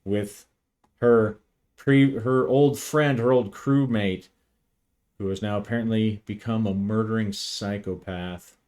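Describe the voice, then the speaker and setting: Narrating his own solo tabletop role-playing game, a man thinks through it aloud, pausing in thought and restarting often. His fairly low voice stays steady and slightly mellow at a slow pace.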